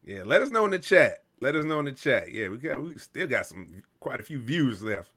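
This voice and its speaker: A man's voice: medium pitch, sing-song, a little fast, a bit bright, slightly rough. A man co-hosting a live talk stream, joking and riffing in playful casual chat. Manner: playful, jokey, laughs and riffs. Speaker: co-host of a wrestling talk stream.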